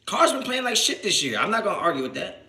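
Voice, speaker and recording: This New Jersey sports channel host has a high voice and talks fast as he reads live chat out loud and fires back. He's animated, curses heavily, and repeats himself in slangy bursts with frequent restarts, flaring into shouting when irritated.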